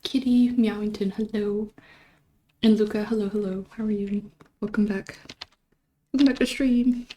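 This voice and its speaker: A woman's voice: medium pitch, steady tone, normal speed, long pauses, mellow, slight background noise. A young woman hosting a livestream, chatting casually in a rambling, self-deprecating way, her throat still a little sore. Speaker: livestream host. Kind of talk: casual chat.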